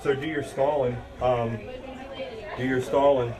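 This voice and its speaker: Male show organizer, mid pitch, calm, repeats his instructions. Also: unhurried, a crowd in the background. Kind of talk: backstage planning talk.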